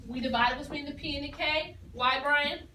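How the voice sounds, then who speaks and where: Woman teacher, high bright voice, patient questioning, echoey classroom recorded from afar. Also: fairly even intonation, moderate pace, far from the mic, noisy background. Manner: patient, questioning, repeats pupils' answers. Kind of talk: classroom phonics lesson.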